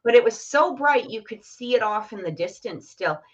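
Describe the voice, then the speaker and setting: A middle-aged woman with a fairly high voice rambles through a personal story. She talks casually, with plenty of fillers, restarts and easy laughter. The stream audio is dull and muffled. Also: animated, moderate pace. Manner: chatty, many fillers and restarts, laughs often. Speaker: guest telling a personal story.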